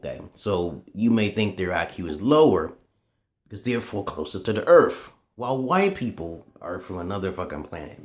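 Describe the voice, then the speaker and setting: A man in a casual, profane ranting monologue to camera, swinging between loud outbursts and low muttering. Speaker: vlogger.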